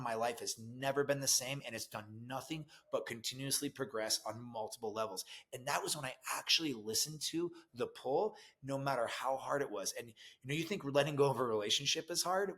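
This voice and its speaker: A man's voice: medium pitch, a bit bright. A middle-aged man speaking as a business coach in a motivational talk to camera, earnest and emphatic in a conversational way.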